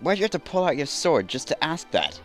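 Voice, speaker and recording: A man's voice: a little high, very animated, a little fast, faint music behind, pitched above the performer's own voice. A man voicing a tiny, brash male wandering artist who talks in a blunt, mocking way. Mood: irritated.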